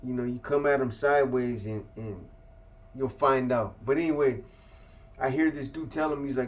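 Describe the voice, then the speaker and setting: A man's voice: medium pitch, moderate pace. A man from California casually telling a story as an interview guest, in laid-back street slang with plenty of profanity.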